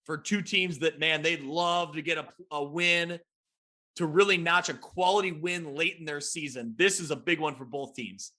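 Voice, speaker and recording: A man hosting a sports talk podcast who gives energetic, quick recaps of high school football games. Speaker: podcast host.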